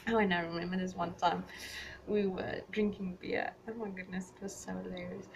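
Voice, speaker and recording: A young woman vlogger casually recounting personal memories, rambling and getting animated when she retells conversations. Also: lowish voice, moderate pace, creaky, lo-fi sound. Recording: voice a little far from the mic, faint background noise.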